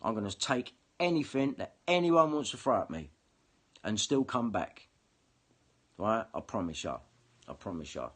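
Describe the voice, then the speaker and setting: A man's voice: on the low side, big pitch swings, normal speed, pauses often, a bit bright, slightly rough. A man ranting angrily and swearing in a monologue to camera. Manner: heated, sweary, confrontational. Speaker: vlogger.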